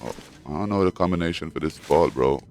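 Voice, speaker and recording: A man giving casual let's-play commentary, excitable and profane, trash-talking and calling to his in-game dog. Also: very deep voice, quick pace, a little hiss or hum. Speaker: gamer and streamer.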